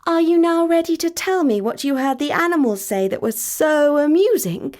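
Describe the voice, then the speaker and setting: A woman's voice: high-pitched, expressive, moderate pace, darkish tone, pitched above the performer's own voice. A woman voicing a merchant's impatient wife who presses her husband with a demanding question.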